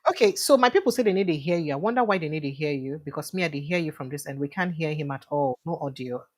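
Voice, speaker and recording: A woman's voice: low voice, lively intonation, quick pace. A woman with a Nigerian accent hosting a livestream interview, chatty and informal, with filler sounds. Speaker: host. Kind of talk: livestream interview, switching between Pidgin and English.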